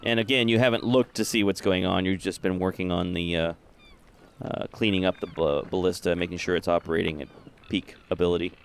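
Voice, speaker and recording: A man narrating as game master in a tabletop game, with halting delivery full of filler sounds. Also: low voice, fairly even intonation, a little hiss or hum.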